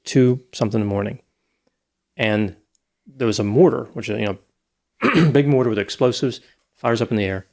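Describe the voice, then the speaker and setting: Man, low voice, gravelly, casual true-crime chat, storytelling. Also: darkish tone. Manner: storytelling, recounting details at length. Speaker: podcast host.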